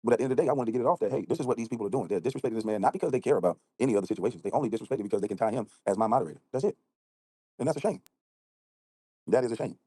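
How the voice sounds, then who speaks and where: A man livestreaming from an outdoor balcony at night, ranting rapidly and combatively and acting out both sides of an argument. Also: medium pitch, lively intonation, dark tone, breathy edge, no room sound. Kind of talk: heated casual livestream rant.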